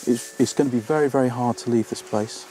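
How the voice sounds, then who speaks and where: A man reflecting in a heartfelt, halting way in an interview. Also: mid-range voice, mellow. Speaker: living-history participant.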